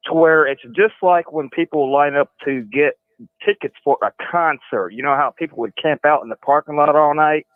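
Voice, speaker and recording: A man calling in to a show, telling a story in a slow, drawn-out way. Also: fairly high pitch, no echo. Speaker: caller. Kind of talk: phone call-in story. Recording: tinny dry phone line.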